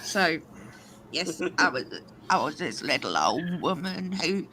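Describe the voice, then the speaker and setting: A woman's voice: deep voice, lively intonation, takes it slowly, sharp tone, slight background noise. A British woman chatting casually with friends, laughing and teasing as she talks. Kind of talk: casual group chat.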